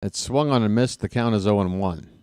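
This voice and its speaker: Baltimore guy calling a ballgame, lowish voice, dry close mic, roots for his team. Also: fairly quick, clear, resonant tone, dry recording. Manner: excited fan rooting for his team. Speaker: play-by-play announcer. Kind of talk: solo baseball play-by-play commentary.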